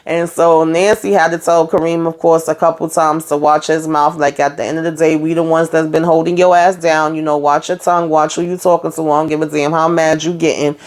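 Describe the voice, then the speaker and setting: A woman's voice: deep voice, level tone, a little fast, few pauses. A woman casually recapping a TV episode, chatty and profane, with lots of fillers. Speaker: TV show reviewer.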